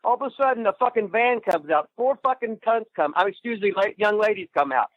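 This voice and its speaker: A man's voice: high-pitched, expressive, fast, dry recording, phone-quality sound. Foul-mouthed rambling man on the phone. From Indiana. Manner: rambling, swears constantly, crude. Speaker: guest. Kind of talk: profane casual chat.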